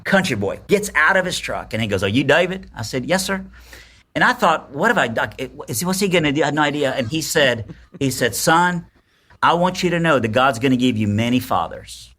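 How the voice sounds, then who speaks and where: Bright-voiced animated male storyteller. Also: fairly high pitch, a little fast. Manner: animated storyteller, acts out quotes. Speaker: podcast guest. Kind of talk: storytelling in casual chat.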